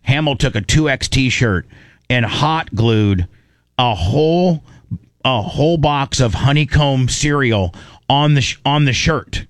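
Excitable male radio host telling stories. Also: mid-range voice, slow, no echo. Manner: animated, excitable, many restarts. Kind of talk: casual storytelling chat.

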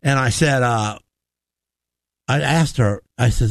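A man telling an animated story on a radio talk show, acting out the voices of the people in it. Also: mid-range voice, takes it slowly, gravelly, long pauses, no echo, clean studio sound. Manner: animated storyteller, acts out quotes.

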